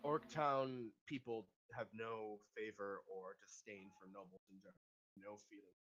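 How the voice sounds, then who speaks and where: A man's voice: lowish voice, fairly even intonation, moderate pace, fairly bright tone. A man narrating a tabletop game as game master, hesitant and full of fillers. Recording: dull lo-fi recording.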